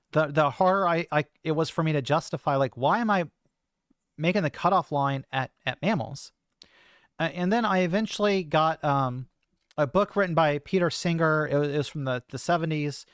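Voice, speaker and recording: Hesitant trans woman streamer, smooth dry voice. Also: sits low, no echo. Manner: hesitant, many fillers and restarts. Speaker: streamer host. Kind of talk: casual monologue.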